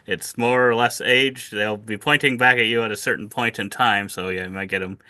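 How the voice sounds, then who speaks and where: Bright-voiced man, hedging casual chat. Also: lowish voice, fairly even intonation, moderate pace. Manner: hedging, restarts phrases, mild and agreeable. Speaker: board game channel co-host. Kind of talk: casual chat reacting to award nominees.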